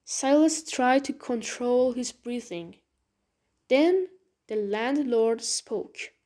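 Woman narrator, high and mellow, for a read-aloud classic. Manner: slow, clear reading. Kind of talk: storybook narration.

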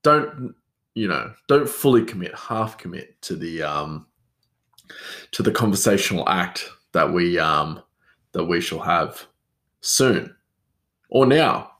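A man's voice: deep voice, animated, slow pace, long pauses, fairly bright tone. A man, hosting a solo podcast in a rambling, self-mocking chat that answers itself. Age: 30s. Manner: rambling, self-mocking, talks back to himself. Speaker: podcast host.

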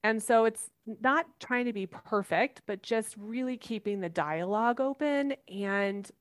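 A woman's voice: a little high, unhurried. A woman in her thirties, a mother answering interview questions earnestly and animatedly, acting out everyday examples. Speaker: parenting guest expert.

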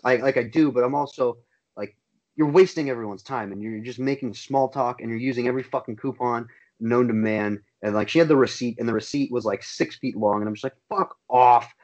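A man's voice: medium pitch, highs cut off. A young man casually ranting on a podcast, swearing constantly and laughing often. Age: young adult. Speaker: podcast co-host. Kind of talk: casual chat.

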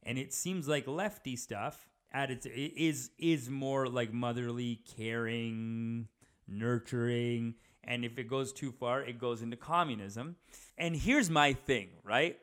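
A young man rambles through a casual comic monologue, animated and loose. His voice sits at an ordinary middle pitch, and he keeps dropping in filler words as he goes. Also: takes it slowly. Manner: rambling, animated, says dude a lot.

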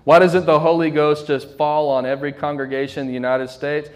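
A young adult man preaching a fervent sermon as pastor, slowing down to stress key lines. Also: on the high side, flat delivery, darkish tone.

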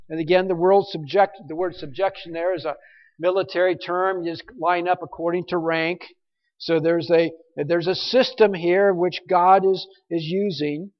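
High-voiced preacher in a reverberant hall. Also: male voice, steady tone, normal speed. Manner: emphatic, repeats words when stressing a point. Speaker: pastor. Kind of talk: expository sermon. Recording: muffled recording in a reverberant hall.

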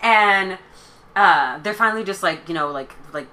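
A young woman co-hosting a podcast tells a story in a chatty, casual way, packing her speech with "like" and other fillers. Her voice is lowish but bright and forceful, expressive, at a moderate pace.

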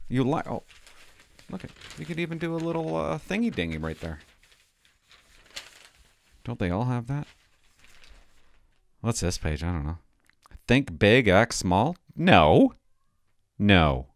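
A man's voice: medium pitch, big pitch swings, a little slow, gravelly, pauses often, dry recording, clean studio sound. Sarcastic man scoffing at headlines. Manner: sarcastic, mock-indignant, reads headlines aloud then scoffs. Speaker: commentator reading a newspaper aloud. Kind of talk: sarcastic mock-outraged commentary.

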